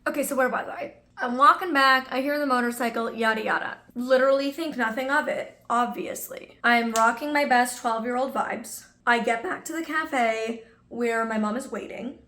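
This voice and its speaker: A woman's voice: fairly high pitch, normal speed, few pauses, bright, forceful tone, echoey room. A young woman vlogger telling a personal story in a casual, chatty way, full of asides to her viewers.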